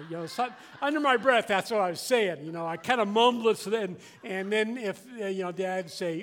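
A man's voice: high voice, fairly quick, few pauses, fairly bright tone. An older man preaching a conversational sermon as a pastor, earnest and plainspoken, often restarting and repeating words.

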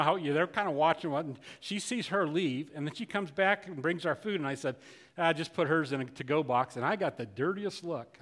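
A man's voice: high-pitched, fairly bright tone, big-room sound. An older man, a pastor, telling a story in a folksy, conversational sermon with many restarts.

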